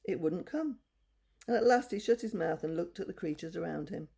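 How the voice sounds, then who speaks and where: An older woman reading a bedtime story aloud to children, gentle and expressive. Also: lowish voice, fairly quick, creaky, breathy edge.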